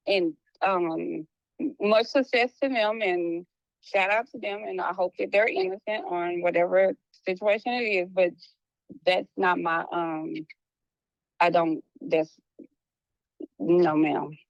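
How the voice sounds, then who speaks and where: A woman speaking as a private investigator in a casual, apologetic conversation, talking in quick bursts with many restarts. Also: on the low side, vocal fry, no room sound, muffled recording. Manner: animated, restarts often, slips into a playful hood voice when quoting.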